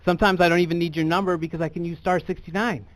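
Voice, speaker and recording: A young American man doing stand-up comedy in a dry, deadpan, rambling way. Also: a little high, very fast. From United States.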